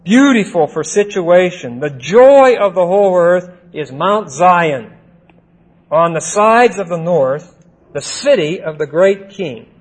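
A man walks his listeners through scripture verse by verse at an unhurried, measured pace. His voice sits a touch high for a man, and he leans on key words and keeps asking "see?" and "okay?" as he goes. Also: expressive, low-quality recording. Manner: deliberate, checks in with "see?" and "okay?"; stresses single words by slowing and rising. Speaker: Bible teacher. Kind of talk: verse-by-verse Bible teaching.

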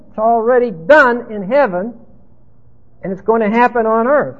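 Husky high-voiced male preacher. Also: normal speed. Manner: emphatic, rambling teaching. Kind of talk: expository sermon. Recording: tinny phone-like sound.

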